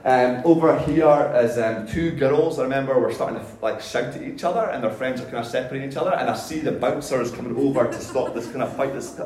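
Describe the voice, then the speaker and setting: A man's voice: medium pitch, fast, hardly any pauses, a little hiss or hum. Male pastor, storytelling sermon, casual and self-deprecating; roomy church-hall echo. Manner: animated, self-mocking, casual slang. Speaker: pastor giving a testimony.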